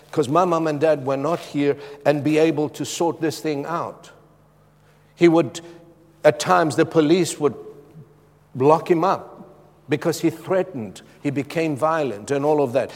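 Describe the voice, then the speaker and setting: Middle-aged male preacher from Zimbabwe, slightly high voice, passionate, shifts from loud to hushed, long hall reverb. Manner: impassioned, swinging from loud emphatic lines to hushed, soft ones. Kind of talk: sermon.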